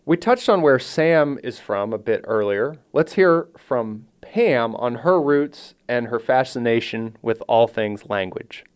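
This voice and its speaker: A man hosting a podcast, reading a scripted introduction and asking questions in a measured, friendly way. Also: mid-range voice, expressive, smooth. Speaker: podcast host.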